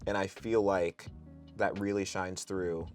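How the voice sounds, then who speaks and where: Chatty guy hosting a podcast, lowish voice, teasing and upbeat, little music in the back. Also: unhurried. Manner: playful, animated, jokingly aggrieved. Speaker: podcast host. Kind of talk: casual interview chat. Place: studio.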